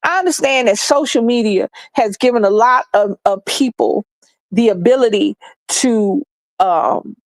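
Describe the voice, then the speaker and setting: A woman's voice: on the high side, unhurried, no room sound. A middle-aged woman, ranting bluntly and heatedly with lots of profanity and repetition for emphasis. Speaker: streamer sharing opinions. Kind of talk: passionate ranting monologue.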